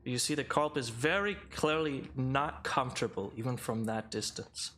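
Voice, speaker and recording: A man narrating a tabletop game as game master, unhurried, with many fillers and restarts. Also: mid-range voice, bright, forceful tone, a little hiss or hum.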